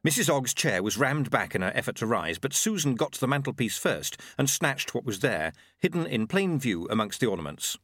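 Guy reading an audiobook, lively up-and-down delivery, dry close sound. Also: medium pitch, brisk, hardly any pauses, no room sound. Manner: expressive storytelling. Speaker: audiobook narrator. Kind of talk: scripted narration.

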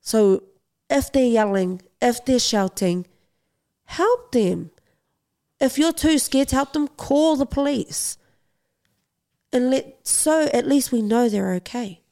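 Urgent, gravelly-voiced woman guest. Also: a little high, lively intonation, slow pace, pauses often, dark tone. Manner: earnest, urgent, repeats phrases for emphasis. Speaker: interview guest, boxing champion. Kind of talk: podcast interview.

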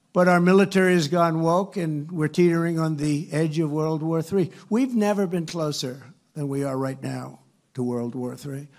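An older man giving a campaign rally speech from a stage microphone, rambling and repetitive, sarcastic, and swinging between loud and soft. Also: fairly high pitch, gravelly. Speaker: political candidate. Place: rally stage before a crowd.

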